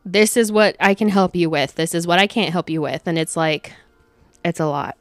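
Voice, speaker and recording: A young woman candidly venting about her workday in a casual monologue, swearing freely and acting out conversations in lively voices. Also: on the low side, normal speed, no room sound, faint music behind. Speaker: vlogger venting about work.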